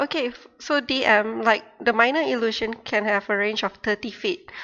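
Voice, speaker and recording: A woman playing a tabletop game, slow and inquisitive, asking about the rules. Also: medium pitch, pushed and bright, long reverb tail, muffled recording. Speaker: player. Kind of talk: tabletop role-play.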